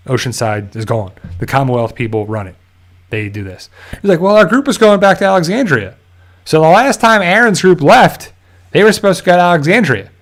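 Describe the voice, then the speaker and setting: A man's voice: medium pitch, clear, resonant tone. A man hosting his channel, giving a casual, rambling show recap on a live stream and repeating himself as he goes. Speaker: channel host.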